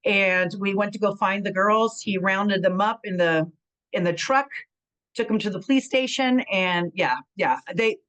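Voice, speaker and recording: A middle-aged former pro wrestler from San Bernardino, California tells stories in a casual interview, acting out quotes and using plenty of fillers. Her mid-range voice comes across a little slow, and the audio quality is poor.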